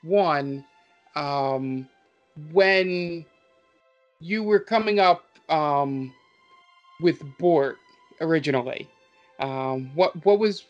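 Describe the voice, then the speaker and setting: Male podcast host and game master, slightly high voice, rambling and enthusiastic with lots of fillers. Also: very slow, long pauses, dull audio, soft background music. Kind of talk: casual podcast chat.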